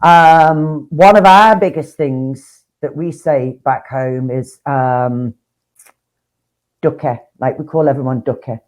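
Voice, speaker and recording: A woman with a Nottingham accent co-hosting a casual real estate chat, talkative and quick to swear and use slang. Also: rumbling low, darkish tone, poor audio. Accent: Nottingham English. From Nottingham, England. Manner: chatty, swears freely, slips into slang. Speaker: co-host, real estate professional.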